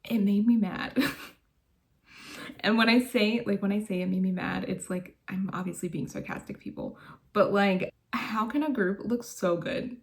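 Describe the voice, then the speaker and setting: A woman's voice: mid-range voice, moderate pace. A woman vlogger chatting casually from her bedroom, gushing and laughing often as she talks. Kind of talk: casual chat.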